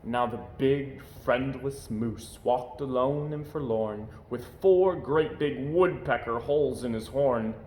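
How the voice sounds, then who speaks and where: A man reading a rhyming picture book aloud with an expressive, rhythmic delivery. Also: medium pitch, slow, few pauses, slight background noise. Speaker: storyteller. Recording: echoey room.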